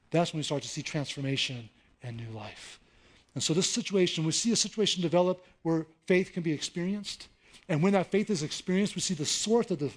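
A middle-aged man, a pastor, preaching a conversational sermon that rises into animated emphasis. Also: fairly high pitch.

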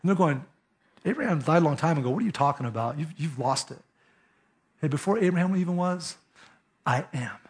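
Man preaching, fairly high voice, emphatic, talks straight to the congregation. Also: animated, fast talker. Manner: emphatic, conversational preaching with direct address. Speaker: pastor. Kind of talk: sermon.

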